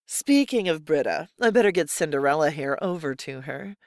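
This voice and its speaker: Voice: mid-range voice, animated, normal speed, no echo, studio quality, close to an everyday voice. A narrator voicing a bossy young woman who teases and mocks in a playful way. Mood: teasing. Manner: mocking, playful.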